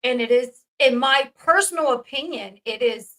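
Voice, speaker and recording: A woman's voice: sits high, lively intonation, normal speed, fairly bright tone, rough recording. A woman from the South, hosting a casual commentary video, chatty and emphatic, swearing freely. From American South. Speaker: commentary channel host.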